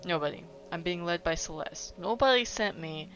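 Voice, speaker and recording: Terse, grim crusader, read by a woman, low voice, muffled lo-fi sound. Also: normal speed, soft background music, lightly acted. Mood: curt. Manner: flat, curt and terse. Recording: dull lo-fi with faint noise.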